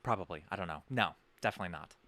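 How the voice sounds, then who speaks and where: A man's voice: low voice, lively intonation, racing, sharp tone. A man hosting a podcast, telling a story in a rambling, sarcastic way, often correcting himself mid-sentence. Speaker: podcast host. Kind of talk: comedic storytelling.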